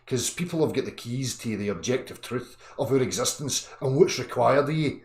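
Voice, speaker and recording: A man in his thirties ranting angrily on a live chat, profane, swinging from low muttering to shouting. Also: animated, a little fast, hardly any pauses, roomy sound. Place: indoor room.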